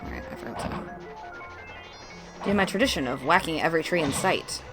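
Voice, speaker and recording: A woman's voice: sits low, expressive, fairly quick, over music. A woman from Texas casually commenting on a video game she is playing, with playful asides. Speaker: let's play host.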